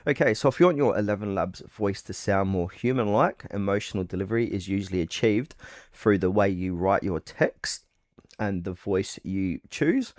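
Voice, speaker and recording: A man hosting a software tutorial, walking through the steps in a relaxed, plain instructional way. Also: on the low side, no echo, studio quality. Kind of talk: step-by-step screen-recorded tutorial.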